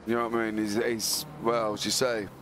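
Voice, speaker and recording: A hoarse man co-commentating a live sim race, rambling into jokey comic tangents with a croaky voice. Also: lowish voice, little pitch movement, a little fast, fairly bright tone, faint music behind.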